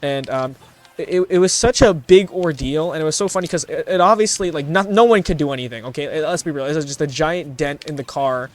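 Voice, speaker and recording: A man's voice: a little high, a little fast. Rambling young man telling stories. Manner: rambling, stumbling restarts, self-mocking. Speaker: vlogger. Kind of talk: casual storytelling to camera.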